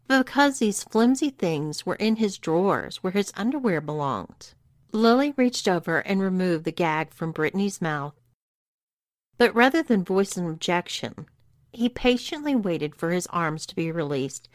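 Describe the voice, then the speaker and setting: A woman narrating an erotic story in a steady, even reading voice. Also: on the low side, no room sound, clean studio sound. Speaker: story reader.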